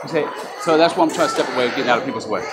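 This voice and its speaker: A man's voice: mid-range voice, a loud crowd. A man filming himself on a phone in a large store, heated and profane in an angry confrontation. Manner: heated, profane, fast-talking. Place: large retail store indoors. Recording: loud store noise behind. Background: store ambience.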